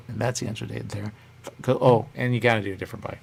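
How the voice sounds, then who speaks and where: A man hosting a radio talk show, rambling on his own and repeating the same catchphrase over and over, sometimes acting out other people in a high voice. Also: steady tone, fast talker, vocal fry, slight background noise. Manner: rambling, repeats "there you go" constantly.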